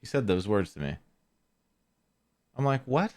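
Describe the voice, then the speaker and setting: A man's voice: on the low side, very animated, unhurried, a little mellow, smooth. A man hosting a podcast, telling a story in a casual, rambling way with lots of fillers and restarts. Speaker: podcast host.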